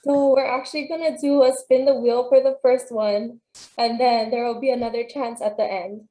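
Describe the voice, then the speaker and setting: A woman moderating a webinar in a friendly, brisk way. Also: fairly high pitch, little pitch movement, warm tone. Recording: echoey room.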